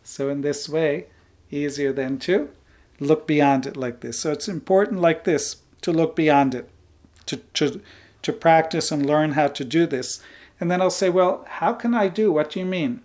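Man teaching calmly with soft asides. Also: on the high side. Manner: unhurried, often ends points with a soft "right?" or "like this". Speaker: Vedanta teacher. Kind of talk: spiritual teaching talk.

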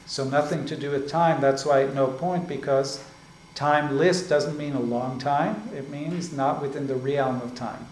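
A man's voice: mid-range voice, fairly even intonation, a little mellow. Man teaching in an echoey room. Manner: unhurried, explaining, often adds "right?" and "like this". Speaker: spiritual teacher. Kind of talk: spiritual discourse. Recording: echoey room with faint ambient noise.

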